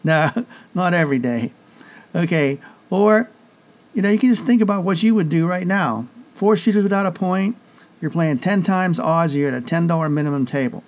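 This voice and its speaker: Male podcast host, lively and folksy, somewhat high voice, exclamatory delivery. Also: normal speed, lo-fi sound. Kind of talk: enthusiastic podcast hosting.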